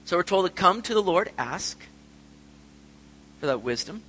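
A man's voice: high voice, expressive, a little slow, bright, forceful tone, big-room sound, slight background noise, low-quality recording. A middle-aged man preaching a sermon in an earnest way, sometimes acting out prayers and voices. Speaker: pastor.

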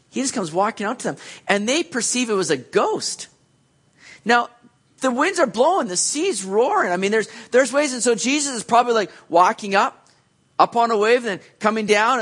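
Guy preaching a sermon, kinda high-ish voice, gets animated telling the story. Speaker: pastor.

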